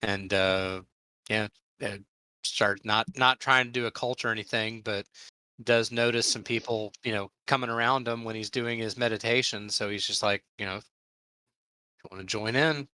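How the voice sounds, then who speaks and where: A man's voice: lowish voice, steady tone, normal speed, sharp tone, smooth, no echo, rough recording. A man playing in a tabletop game, describing his character's week hesitantly, with many fillers. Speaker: player.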